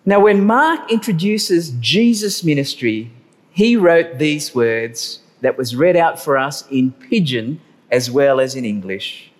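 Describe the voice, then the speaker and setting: A man preaching a sermon, animated and drawing out key words slowly for emphasis. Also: fairly high pitch. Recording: long hall reverb.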